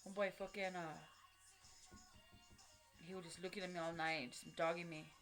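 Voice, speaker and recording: A woman's voice: lowish voice, fairly even intonation, normal speed, fairly bright tone, soft background music. A woman telling a personal story to camera, blunt and profane, in street slang with lots of fillers. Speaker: vlogger.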